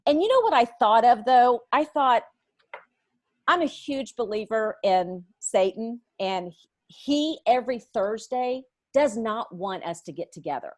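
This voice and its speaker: A middle-aged woman, a Bible study teacher, telling a story as a guest in a podcast conversation, lively and acting out the voices of others. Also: on the high side, unhurried, dry recording. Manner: animated, acts out others' voices in her stories.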